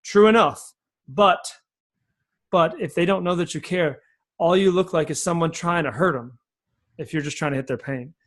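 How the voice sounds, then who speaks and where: A man speaking as a sales coach on a podcast, explaining his method in an energetic, folksy way and repeating key phrases. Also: on the high side, moderate pace, long pauses.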